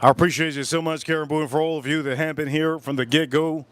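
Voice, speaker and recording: A man's voice: on the high side, steady tone, quick pace, smooth. Rambling man on a crude livestream. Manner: rambling, repeats himself, crude jokes. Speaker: livestream host. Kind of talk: casual livestream chat while drinking.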